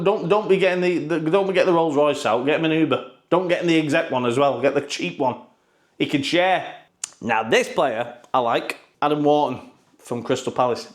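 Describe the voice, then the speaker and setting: A man giving casual, sarcastic football news commentary, full of swearing and mocking asides. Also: on the high side.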